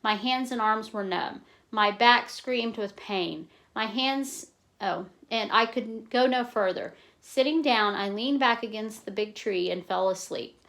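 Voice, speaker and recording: A woman reading a novel aloud in a plain, steady way, stopping now and then to explain in casual asides. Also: mid-range voice, measured pace. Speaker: reader.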